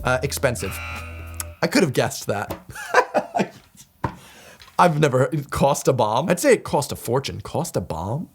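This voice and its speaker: A man's voice: medium pitch, very animated, faint music behind. A young man, casually joking through a quiz and reading definitions aloud with mock outrage. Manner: playful, joking, quick laughs and mock outrage. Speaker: video host.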